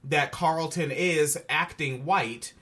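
Animated, profane man reviewing a show. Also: a little high, slow pace. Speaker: podcast host. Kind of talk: casual show review chat.

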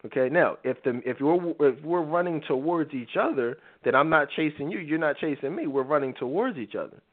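A man with a high voice hosts a live talk show and delivers an emphatic, preachy monologue. He stresses his points and jumps into quick impressions of other people. The sound is thin and boxy, like a phone line. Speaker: show host. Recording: tinny phone-like audio.

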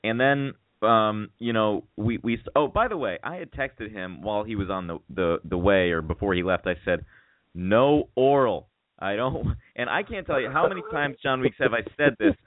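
A man's voice: on the low side, expressive, moderate pace, hardly any pauses, dry recording. Man, radio co-host, casual frank chat, swears freely, feverish, tinny dry recording. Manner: candid storyteller, swears freely. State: feverish, getting chills. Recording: dry tinny phone-like sound.

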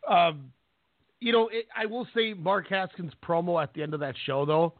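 A man co-hosting a wrestling talk show in casual chat, rambling with halting restarts. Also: sits high, no room sound. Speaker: podcast co-host. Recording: tinny phone line.

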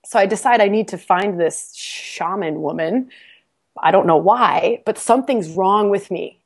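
A woman's voice: mid-range voice, unhurried, gravelly, breathy edge. A woman, a podcast guest, telling a personal story in a casual interview. She mocks herself, laughs often and repeats words as she restarts sentences. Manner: animated, self-mocking storyteller with frequent laughs.

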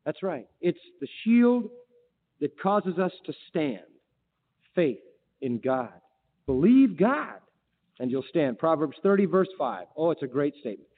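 A man's voice: a little high, very animated, a little slow, pauses often. A male preacher delivering a sermon, emphatic, firing rhetorical questions and quoting scripture. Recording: tinny phone-like line with long reverb.

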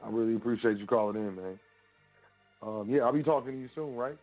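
A man hosting a call-in show, chatting casually and thanking callers in a relaxed way. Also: mid-range voice, fast. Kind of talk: casual call-in radio chat. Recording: phone-like line with faint music.

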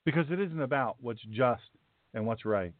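A man's voice: mid-range voice, lively intonation, moderate pace, no room sound. A male host delivering a blunt, emphatic, sarcastic talk-show monologue. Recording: tinny phone-like, dry.

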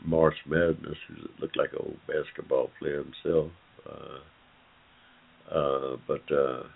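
Deep-voiced man on a tinny phone line. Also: little pitch movement, slow, gravelly, breathy edge. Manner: rambling, frequent "uh" fillers, addresses listeners as "y'all". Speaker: online forum host. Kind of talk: casual talk-show commentary.

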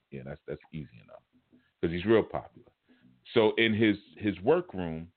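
Low-voiced guy teaching a class, chatty stories, sounds like a phone line. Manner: animated, colloquial, chuckles mid-story. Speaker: spiritual teacher. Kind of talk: casual storytelling lecture. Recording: phone-like narrow band audio.

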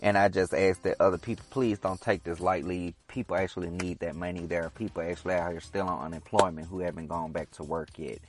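A man's voice: low-pitched, steady tone, fast, few pauses, music in the background. A man hosting his own podcast in a casual, opinionated solo monologue, teasing that he will stir up controversy. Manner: chatty and opinionated, teasing about stirring controversy. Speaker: podcast host.

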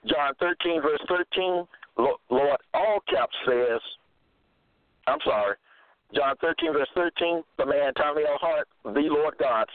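A man delivering a self-made religious monologue. He cites scripture references and pauses to search for verses. He repeats his points insistently. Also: a little high, dry recording. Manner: halting, searching for verses aloud; repetitive, insistent. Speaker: preacher. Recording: narrow phone-like sound, dry.

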